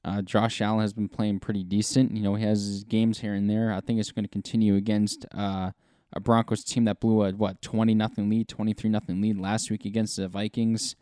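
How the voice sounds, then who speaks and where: A man's voice: fairly low pitch, little pitch movement, fairly quick, few pauses, dark tone, smooth, no room sound, clean studio sound. A man co-hosting a casual sports podcast, rambling with lots of fillers and restarts. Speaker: podcast co-host.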